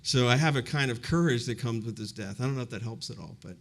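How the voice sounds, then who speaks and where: Before a live audience at a university event, a man in his fifties speaks at a quick pace in a medium-pitched voice. He reflects on a personal story conversationally, sprinkling in many fillers like "you know."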